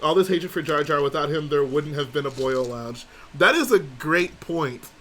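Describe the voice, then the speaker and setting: Man, live-stream host, fairly high voice, chatty, answers viewer comments, faint room hum. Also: animated, normal speed, a bit bright. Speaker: livestream host. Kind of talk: casual live-stream chat.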